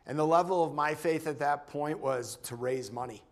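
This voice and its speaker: A man telling a personal faith testimony in an earnest, halting way, often repeating words as he restarts. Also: fairly high pitch. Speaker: church member sharing a testimony.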